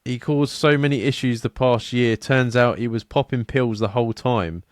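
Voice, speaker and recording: A man, co-hosting a podcast in relaxed, sweary casual chat. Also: mid-range voice, moderate pace, no room sound, studio quality. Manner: laid-back, swears freely, laughs easily. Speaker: podcast co-host.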